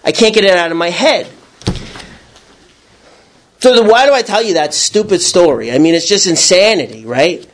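A man telling a personal story about his recovery. He rambles, restarts and repeats words, and acts out his own past shouting. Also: sits high, animated, normal speed, pauses often.

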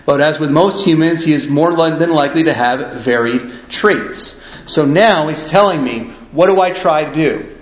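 A man's voice: a little high, normal speed. Chatty man explaining in an echoey room. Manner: casual, keeps asking "right?", acts out examples. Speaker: discussion leader reading from a recovery book. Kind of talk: reading a passage aloud and explaining it.

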